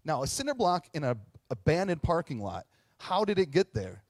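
A man's voice: fairly high pitch, moderate pace, dry recording. A man in his thirties, a pastor telling a story in a sermon, joking and talking straight to the audience. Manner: animated, jokey, talks to the audience.

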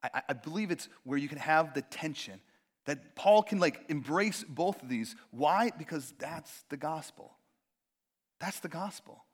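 A man's voice: a little high, lively intonation, a little slow. A young man preaching a sermon in a casual, conversational way, full of fillers and acted-out quotes. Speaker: pastor.

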